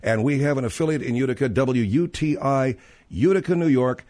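A man's voice: medium pitch, fairly quick, darkish tone. A man hosting a radio talk show, telling rambling anecdotes with many fillers and restarts.

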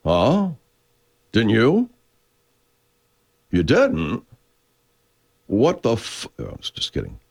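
A man with a very deep, low voice talks casually as a show host. He rambles and swears a lot, his pitch swinging widely as he gets excited and then drops low again. He restarts sentences often. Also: slow pace, vocal fry, pauses often. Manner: profane, digressive, frequent restarts. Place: California.

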